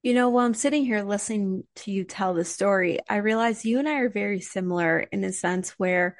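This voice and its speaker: A woman's voice: mid-range voice, no room sound, studio quality. A woman hosting an interview, speaking enthusiastically and encouragingly to her guest. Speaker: interview host. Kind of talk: conversational interview.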